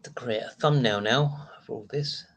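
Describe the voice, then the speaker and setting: A man's voice: mid-range voice, moderate pace, fairly bright tone. Chatty British man rambling on a live stream. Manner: rambling, chatty, answers viewer comments between asides. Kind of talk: casual live-stream chat.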